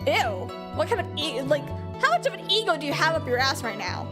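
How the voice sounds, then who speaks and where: A woman streamer chatting her way through a game, casual and freely profane. Her voice is high, and bright game music plays beneath her. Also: very animated, brisk. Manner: profane, giggly, reacts out loud. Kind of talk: casual gameplay commentary.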